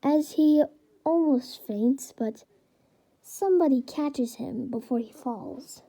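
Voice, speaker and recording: A woman's voice: high-pitched, slow pace, mellow, low-quality recording. A woman improvising a fan story as narrator, hesitant with many fillers and restarts.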